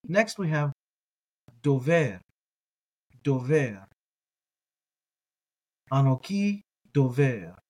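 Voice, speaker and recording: A man teaching a reading lesson, patiently repeating each word slowly for listeners to echo. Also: mid-range voice, very animated, a little mellow. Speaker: language teacher.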